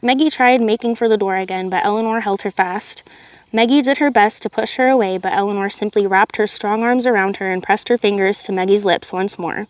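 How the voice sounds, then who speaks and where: A woman reads a novel aloud on a live stream, keeping a steady, even voice and breaking off now and then for chatty asides to her viewers. She sits close to a desk mic, and the sound is dry, with no room echo. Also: mid-range voice, fairly quick. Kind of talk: live read-aloud narration.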